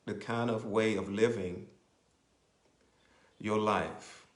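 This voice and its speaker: Roomy-sounding preacher man, lower voice. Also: fairly even intonation. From Maryland, US. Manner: repeats phrases, punctuates with "right?", slows down to explain scripture. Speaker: bishop and radio preacher. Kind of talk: sermon. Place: church. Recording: roomy echo.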